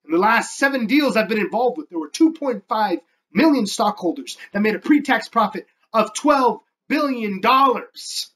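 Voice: animated, normal speed, hardly any pauses, low-quality recording. A performer doing Gordon Gekko, a ruthless corporate raider. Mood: persuasive. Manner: speechifying, swings between loud high emphasis and low whispered lines. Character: ruthless slick male corporate raider addressing shareholders. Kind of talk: amateur movie monologue performance.

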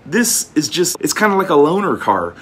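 A man's voice: on the high side, very animated, moderate pace, breathy edge. A man preaching casually, reading old-fashioned scripture and then explaining it in plain, folksy talk, often repeating words as he goes. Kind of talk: informal scripture teaching.

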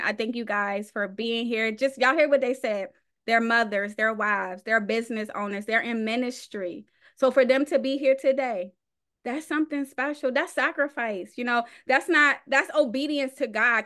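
A woman from North Carolina moderating a panel with lively hype-up interjections. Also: fairly high pitch, normal speed. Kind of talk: hosting a panel.

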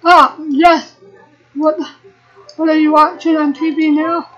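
A woman in her twenties giving excitable let's-play commentary, talking to the game characters. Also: sits high, slow pace, highs cut off. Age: 20s. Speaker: gaming video creator.

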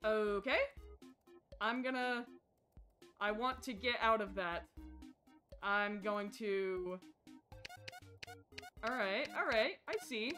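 A young woman streaming a game live, chatting casually with her viewers and getting excitable. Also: mid-range voice, slow pace, pauses often. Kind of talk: casual live-stream chat while playing. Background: faint background music.

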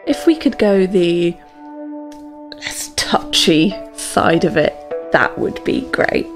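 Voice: medium pitch, very animated, slow pace, music in the background. A player speaking in character at a tabletop game, playful and dry.

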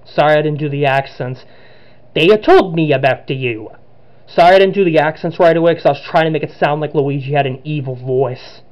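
A man giving excitable let's-play commentary on a horror game, narrating each move as he plays. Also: a little high, quick pace, hardly any pauses, muffled recording. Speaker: gaming channel host.

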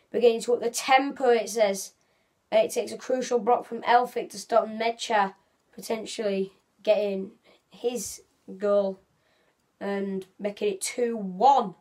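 A woman giving a casual, rambling football match reaction as a fan vlogger, often correcting herself. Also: fairly high pitch.

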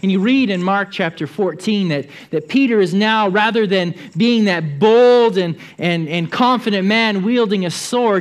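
Storytelling male preacher, fairly high voice. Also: animated, measured pace, hardly any pauses. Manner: vivid storytelling, repeats words as he goes. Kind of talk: sermon. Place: church.

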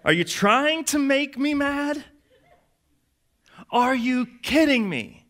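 A man voicing an exasperated adult scolding foolish listeners with slow, incredulous rhetorical questions. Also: extremely high pitch, animated, a bit bright, voice pushed up, exaggerated voice.

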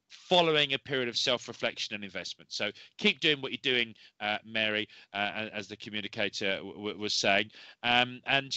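A man's voice: mid-range voice, sharp tone, no echo, low-quality recording. A man hosting a live show of psychic readings, talking in a rambling, reassuring way with many fillers, tired after a long day. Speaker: medium and show host.

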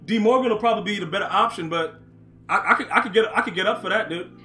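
A young man commentates his football video game on a live stream, talking to chat and repeating himself when excited. His voice is high and bright, with soft music in the background. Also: fast talker. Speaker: gaming streamer.

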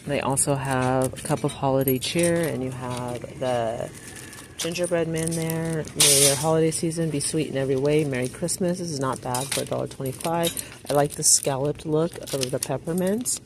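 Her voice sitting low and her pace normal, a woman vlogs a shop-with-me outing inside a large, noisy store. She talks casually, gets excited about her finds, and reads card greetings aloud.

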